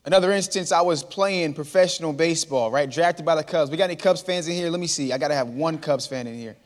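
A man's voice: a little high, fast talker. A man in his thirties, a motivational speaker telling stories to a live audience and calling out to the crowd. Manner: lively storyteller, calls out to the crowd. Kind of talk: storytelling talk to a live audience. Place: large hall before an audience. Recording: long hall reverb.

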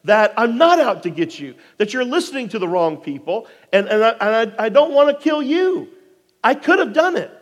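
A man's voice: sits high, lively intonation, moderate pace, hardly any pauses, big-room sound. A man voicing a young warrior who calls out earnestly and insistently to a king.

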